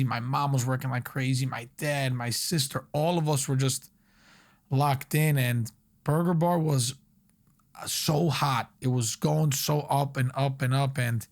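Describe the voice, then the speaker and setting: A young man from Long Island talks as a guest on a podcast. He is an energetic storyteller and fills his sentences with loose fillers as he recounts his restaurant years. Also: medium pitch. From Long Island, New York. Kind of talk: casual podcast interview.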